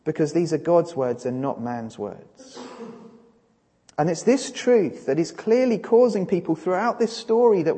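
Animated preacher in a reverberant hall. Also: male voice, high voice, husky. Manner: emphatic, rising and falling delivery. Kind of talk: sermon.

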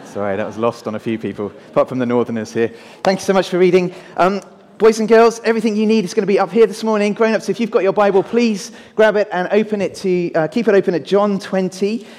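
A man's voice: high-pitched, quick pace. Upbeat male pastor in a church. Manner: lively, addresses children and adults. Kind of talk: family Easter sermon. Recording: church hall reverb.

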